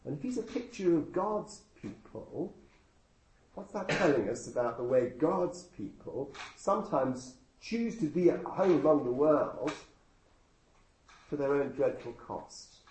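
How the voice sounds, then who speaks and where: A man's voice: medium pitch, mellow. A man preaching a sermon in a conversational way, full of rhetorical questions and dry humor. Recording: echoey room with faint noise.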